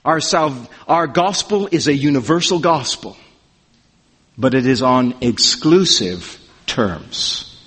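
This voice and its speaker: A man preaching an expository sermon, emphatic and animated, his voice rising sharply on questions. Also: mid-range voice, takes it slowly, slightly rough. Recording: reverberant hall.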